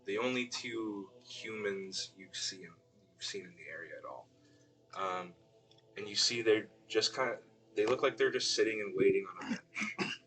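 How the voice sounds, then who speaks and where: Soft-spoken hesitant male game master. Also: fairly low pitch, normal speed, background noise. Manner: hesitant, many ums and restarts. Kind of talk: narrating a tabletop game.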